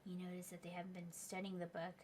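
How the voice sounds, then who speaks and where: A woman's voice: fairly low pitch, monotone, fast talker, a little mellow, slight background noise. A young adult woman hosting a let's play, reading game narration aloud with playful, giggly asides.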